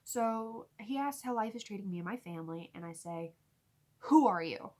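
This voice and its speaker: A young woman vlogger telling a storytime story in an animated way, often laughing as she talks. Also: mid-range voice, fairly quick. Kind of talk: storytime vlog.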